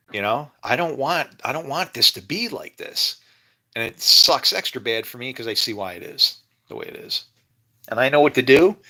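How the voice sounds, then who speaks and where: A man's voice: mid-range voice, bright, forceful tone. A man vlogging in his home kitchen, talking in a rambling, emotional way about faith, with frequent laughs and restarts. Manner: preachy, talks about faith. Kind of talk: rambling casual monologue.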